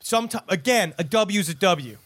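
A man co-hosting a podcast in casual comedic chat, rambling and trading crude deadpan jokes. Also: sits high, normal speed, dry recording, studio quality. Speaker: podcast co-host.

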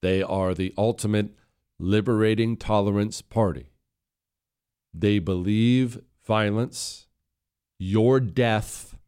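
A man's voice: on the low side, darkish tone, clean tone. Emphatic male radio talk host. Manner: emphatic, building to raised intensity. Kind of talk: political talk commentary. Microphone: studio microphone.

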